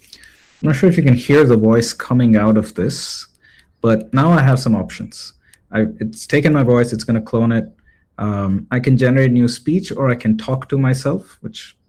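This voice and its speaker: A man teaching a live online class, explaining a demo casually with frequent pauses and filler words. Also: on the low side, mellow. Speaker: workshop instructor.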